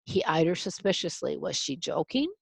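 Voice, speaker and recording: A woman's voice: deep voice, big pitch swings, moderate pace, vocal fry, slightly rough, dry recording. A woman reading a picture book aloud to children, explaining words and adding chatty asides. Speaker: storyteller.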